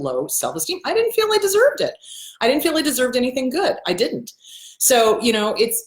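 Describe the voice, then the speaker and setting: A woman hosting a casual advice monologue as a therapist, talking bluntly and emphatically, swearing and repeating words for stress. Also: mid-range voice. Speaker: host and therapist. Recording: echoey room.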